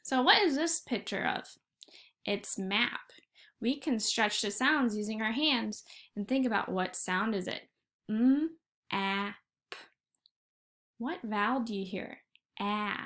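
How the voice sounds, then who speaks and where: A woman with a fairly high, slightly bright voice teaches a first-grade phonics lesson at normal speed in a recorded online class. She speaks patiently and encouragingly, drawing out each sound for young children.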